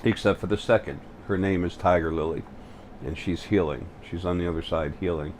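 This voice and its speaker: A man hosting his own spiritual video channel, talking to the camera in a halting way, full of fillers and restarts. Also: low voice, fairly even intonation, slight background noise. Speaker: channel host. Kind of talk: spiritual vlog monologue. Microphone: facing the camera.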